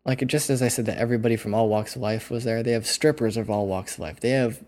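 A man's voice: medium pitch, steady tone, fast talker, a little mellow. A young man hosting a podcast, telling a casual, rambling story full of "like" and "you know.". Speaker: podcast host.

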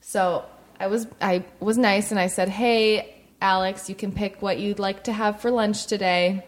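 A woman's voice: mid-range voice, steady tone, unhurried. A woman co-hosting a podcast, telling everyday stories in a chatty way with lots of fillers. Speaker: podcast co-host. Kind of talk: casual chat.

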